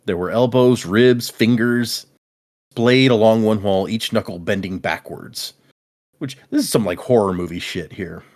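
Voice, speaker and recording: A man hosting a casual podcast, retelling a book's scenes with quick asides and casual swearing. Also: fairly low pitch, a little mellow. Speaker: podcast host recapping a book. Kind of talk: casual chat.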